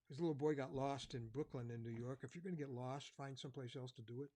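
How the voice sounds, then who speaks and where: A man preaching an evangelistic sermon, earnest, dropping to a soft, quiet voice at key points. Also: mid-range voice, fast, hardly any pauses.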